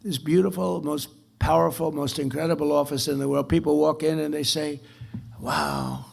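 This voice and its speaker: A man with a slightly raised pitch talks at a club dinner. His voice has a gravelly edge. He rambles off-script, repeats phrases and boasts as he goes. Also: flat delivery, brisk, darkish tone. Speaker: dinner speaker. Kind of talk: off-the-cuff political speech.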